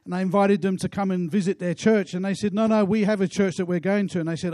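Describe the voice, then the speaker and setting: A pastor preaching a sermon in an earnest way, asking rhetorical questions. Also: male voice, high voice, steady tone, fast talker, hardly any pauses, mellow, no room sound, studio quality.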